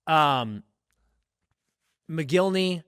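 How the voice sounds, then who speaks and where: A man co-hosting a podcast, chatting casually and profanely, tossing out rambling, animated opinions. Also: on the high side, drawn-out words, clean tone, no room sound, studio quality. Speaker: podcast co-host. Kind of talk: casual sports chat.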